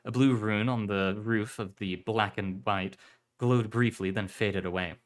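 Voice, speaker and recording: Guy reading a story out loud on stream, kinda low voice, steady, fixes his slips as he goes. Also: a little slow.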